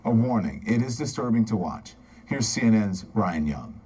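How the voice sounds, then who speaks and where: A male news anchor with a steady, formal read. His voice is low and slightly husky. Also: moderate pace.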